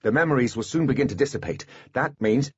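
A man voicing a cool, formal teenage boy mastermind who speaks calmly and in measured phrases. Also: mid-range voice, slightly rough, no echo, lo-fi sound.

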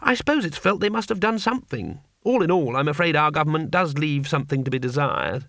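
A man's voice: on the high side, animated, brisk, vocal fry, a bit bright, dry recording, studio quality. A man voicing a timid, mild-mannered male tourist who talks in an earnest, apologetic way. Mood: fretful.

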